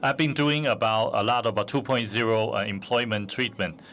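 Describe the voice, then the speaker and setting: A man's voice: lowish voice, steady tone, normal speed, fairly bright tone, slight background noise. A man telling a personal anecdote on a conference stage, hesitant with many fillers, into a stage microphone. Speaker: forum speaker.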